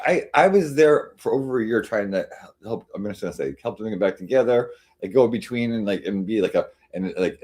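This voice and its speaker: A man's voice: on the low side, darkish tone. Give me a man casually rambling to his livestream audience, full of fillers and restarts. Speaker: livestream host. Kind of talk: casual chat to a live audience.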